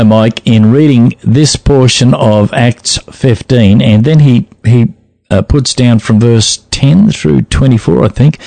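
A man's voice: mid-range voice, a little mellow, no room sound, rough recording. A man co-hosting a Bible talk show, reading listener letters with a teasing, playful manner.

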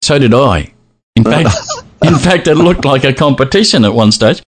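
A man hosting a podcast in casual chat, animated and often laughing as he reads messages aloud. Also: medium pitch, moderate pace, background noise. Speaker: podcast host.

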